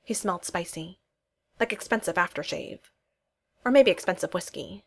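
A woman reading a story aloud, with soft-spoken narration. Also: fairly low pitch, moderate pace. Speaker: reader.

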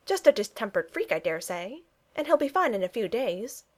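A good-natured young Regency gentleman, blunt and clipped, as a woman narrator puts him on. His phrases bounce up and down with lively pitch. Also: normal speed. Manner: clipped speech, dropped pronouns.

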